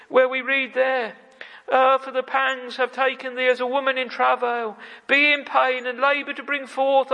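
A man's voice: very high voice, vocal fry, sharp tone. A man preaching a fervent sermon, repeating phrases and calling out "oh, friends". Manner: fervent, repetitive, frequent "oh, friends". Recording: long hall reverb.

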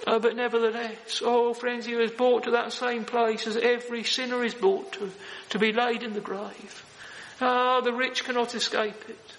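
Solemn high-voiced male preacher in a hall. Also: level tone, normal speed, fairly bright tone, slight background noise. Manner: solemn, earnest preaching with frequent "oh" and "friends". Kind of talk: sermon.

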